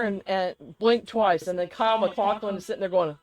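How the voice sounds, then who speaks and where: A woman co-hosting a loose, casual podcast conversation. She rambles from thought to thought in an animated way and laughs often. Her voice sits at an ordinary middle pitch. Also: a little fast, rough recording. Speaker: podcast co-host. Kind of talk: casual chat.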